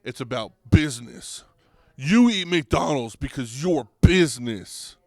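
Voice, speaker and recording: A young man hosting a podcast, ranting comedically with lots of swearing and restarts, getting louder and higher when worked up. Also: lively intonation, a little slow, dry recording, clean studio sound. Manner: rambling, profane, restarts, goes loud and high when riled. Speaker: podcast host. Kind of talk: comedic rant.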